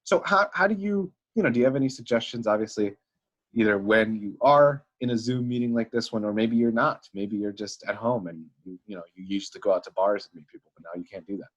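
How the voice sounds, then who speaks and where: A young man co-hosting a casual podcast chat, talking in an animated way and acting out the people he quotes. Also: fairly low pitch, fairly quick, dull audio. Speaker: podcast co-host. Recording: online call audio.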